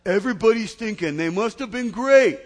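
A man putting on a South Philadelphia accent to play a weary, bitter working man, talking loud and strained. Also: high-pitched, expressive, brisk, big-room sound, pitched above the performer's own voice.

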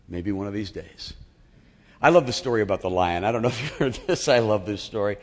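A man's voice: lowish voice, animated, fast. Male pastor, sermon, conversational, humorous storyteller, long reverb in a large church hall.

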